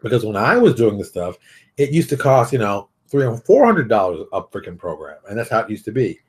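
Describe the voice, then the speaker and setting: A middle-aged man hosting a show, giving blunt, animated advice in a casual monologue. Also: fairly low pitch, brisk. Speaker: show host.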